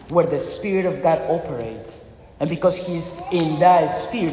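A man's voice: fairly high pitch, darkish tone. A man preaching a sermon with impassioned, dramatic storytelling in a church hall. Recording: echoey hall with long reverb.

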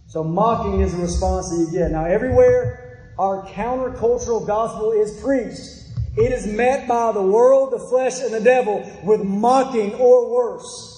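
A high-voiced man preaches a sermon, pressing his points home and repeating key phrases to the congregation. His tone is mellow and warm rather than sharp. The sound carries the long, echoing reverb of a big hall. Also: a little slow, slight background noise. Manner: emphatic, repeats phrases, addresses the congregation directly. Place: church hall.

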